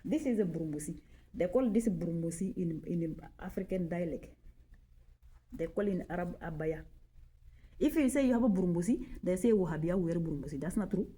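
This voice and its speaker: A woman's voice: on the low side, lively intonation, fairly quick, dark tone. A woman in her forties from Mali, speaking. She talks casually to the camera, repeating her points for emphasis and often checking in with "okay?". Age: 40s. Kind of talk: casual personal talk to camera.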